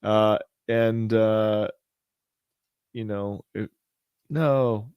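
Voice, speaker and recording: A man's voice: on the low side, steady tone, drawn-out words, smooth, no echo, lo-fi sound. A man hosting a casual crypto show, talking through price charts in a rambling, chatty way with lots of fillers and restarts. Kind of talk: casual live chart commentary.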